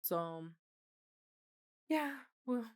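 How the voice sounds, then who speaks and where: A woman's voice: a little high, very animated, drawn-out words, clear, resonant tone. Chatty laughing woman podcast host. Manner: chatty, laughs often, swears casually. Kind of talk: casual chat.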